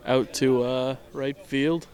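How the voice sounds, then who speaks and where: A young man with a medium-pitched, steady, slightly mellow voice speaks slowly while offering casual baseball commentary outdoors. He sounds tired, laid-back, and self-mocking, rambling and now and then trailing off mid-sentence.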